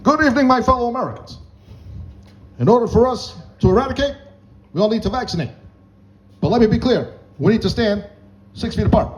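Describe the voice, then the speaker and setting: A male comedian voicing a measured, stately older politician giving a speech. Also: extremely high pitch, lively intonation, voice pushed up. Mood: solemn. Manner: slow, stately pauses.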